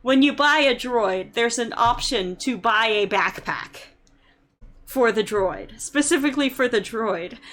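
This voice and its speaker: A young woman streamer chatting casually with viewers, telling stories with lots of fillers and getting loud and exasperated when she rants. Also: a little high, expressive, measured pace. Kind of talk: casual chat.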